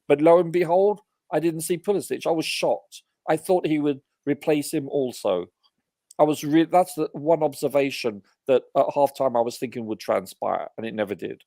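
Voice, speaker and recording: A man's voice: on the high side, moderate pace, creaky, warm tone, no echo, studio quality. A man on a live football review panel giving earnest, emphatic opinions, often hedging with "you know". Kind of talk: casual live match review.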